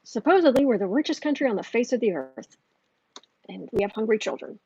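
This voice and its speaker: A woman's voice: on the high side, lively intonation, brisk, darkish tone, muffled recording, a little hiss or hum. A woman hosting a livestream tarot reading, heated and ranting, often restarting her sentences. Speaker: tarot reader and channel host.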